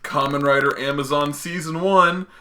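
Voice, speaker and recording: A man's voice: fairly high pitch, fairly even intonation, normal speed, sharp tone. A young man co-hosting a casual podcast chat, rambling and playful, often breaking into laughter. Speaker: podcast co-host.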